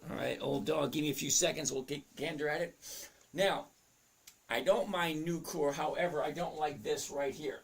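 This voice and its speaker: A man's voice: on the high side, fairly even intonation, moderate pace, gravelly, husky. A man hosting a casual live stream on trading, greeting chat viewers by name in an upbeat, chatty way. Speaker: livestream host teaching stock trading.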